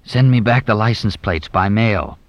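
A man voicing a quick-witted, evasive young man who answers briskly and glibly. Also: fairly low pitch, no room sound, highs cut off, natural voice. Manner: brisk, glib, deflecting.

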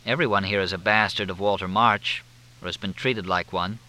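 A man's voice: low-pitched, fairly even intonation, moderate pace, bright, forceful tone, low-quality recording. A man reading aloud, voicing a wry, probing male investigative reporter.

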